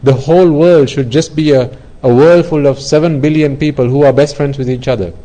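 With a fairly high, warm voice and a steady, brisk delivery, a male Buddhist teacher gives an earnest dharma talk. He relies on everyday examples and repeats himself often, and the audio quality is poor.

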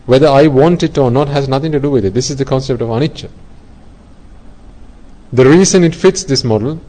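A man with a warm, mellow voice gives an earnest Buddhist dharma talk. He explains his points with everyday examples, restarting and repeating phrases as he goes. His pitch sits at an ordinary middle level for a man. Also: a little fast, poor audio. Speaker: Buddhist teacher.

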